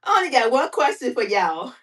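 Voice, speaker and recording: Animated woman livestreaming, mic a bit far. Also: on the high side. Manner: animated, talkative, quick to laugh, fires off rhetorical questions. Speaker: livestream host. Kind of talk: casual livestream chat with viewers.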